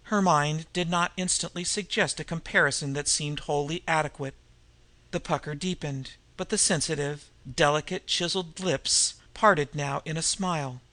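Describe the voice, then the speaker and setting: A man reading a novel aloud in measured, even storytelling narration. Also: fairly high pitch, no room sound. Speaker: audiobook reader. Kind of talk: scripted narration.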